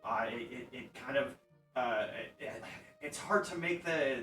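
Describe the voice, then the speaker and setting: A man's voice: medium pitch, reverberant, distant mic, faint music behind, close to an everyday voice, rough recording. A man playing a rambling goblin inventor. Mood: explaining. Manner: rambling, halting, excitable. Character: eager young male goblin inventor.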